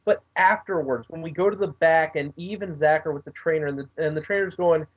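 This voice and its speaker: Hot-headed co-host ranting over a call; mid-pitched, dull low-fi sound. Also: a little fast. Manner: heated, profane, restarts often. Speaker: podcast co-host. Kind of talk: casual wrestling chat. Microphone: online voice call. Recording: lo-fi online call.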